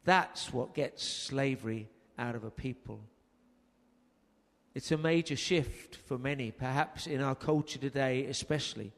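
A man's voice: medium pitch, unhurried. A man preaching a sermon, telling a story earnestly and raising his voice for emphasis. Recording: long hall reverb.

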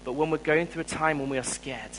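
A South African man delivers an earnest, personal sermon, building in volume when he drives a point home. His voice is bright and forceful, sitting a little high for a man. A faint hum runs behind him. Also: fast talker, rough recording. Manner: personal, earnest preaching that swells louder on key phrases. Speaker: preacher.

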